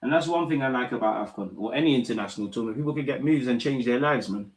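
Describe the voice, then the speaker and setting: A young man hosting a live football watch-along, talking in slang, animated and prone to bursts of excitement. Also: medium pitch, fast talker, breathy edge.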